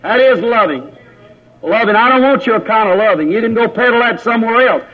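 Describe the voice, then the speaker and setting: A man's voice: sits high, lively intonation, fairly quick. A man preaching a fiery Pentecostal sermon in church, scolding and mocking as he goes. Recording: old dull lo-fi sermon tape.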